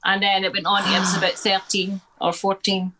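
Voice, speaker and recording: A middle-aged woman with a Scottish accent, a guest telling stories in an interview in a blunt, sweary, animated way, acting out the people she quotes. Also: medium pitch, fairly quick, background noise. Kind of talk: candid conversational storytelling.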